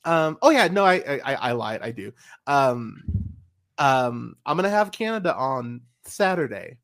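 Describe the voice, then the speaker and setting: A man's voice: medium pitch, big pitch swings, measured pace, fairly bright tone. A young man from the US hosting a podcast livestream, chatting casually and rambling with lots of fillers and swearing. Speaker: podcast host.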